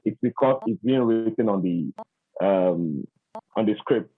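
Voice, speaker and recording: A man's voice: lowish voice, lively intonation. Man on a tinny phone-like line. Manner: halting, with restarts. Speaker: workshop participant asking a question.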